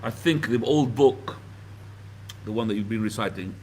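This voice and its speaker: A man's voice: fairly low pitch, moderate pace, darkish tone, a little hiss or hum. A man teaching a small class, patiently explaining and often asking whether the student understands. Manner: patient, asks checking questions. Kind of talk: classroom lesson. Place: mosque classroom.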